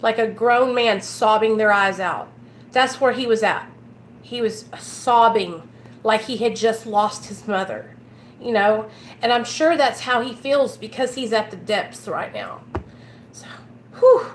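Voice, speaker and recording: A woman's voice: a little high, unhurried, a little hiss or hum. A woman from Arkansas with a Southern accent, talking earnestly and emotionally to her viewers about recovery from addiction, from inside a car. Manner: earnest, emotional, sometimes near tears. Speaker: recovery vlogger. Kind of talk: heartfelt casual talk to viewers.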